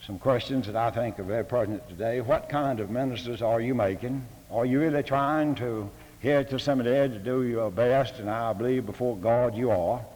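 A man's voice: medium pitch, brisk, few pauses, a little mellow. An older man, giving a homespun, humorous address to a seminary faculty, full of fillers and rhetorical questions. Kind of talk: folksy sermon-style address. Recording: long hall reverb.

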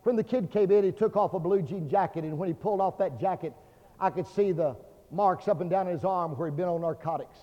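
A Baptist pastor preaching a fervent sermon, swinging between loud declarations and hushed tones. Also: male voice, high-pitched, a little fast. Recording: dull lo-fi sermon recording with long hall reverb.

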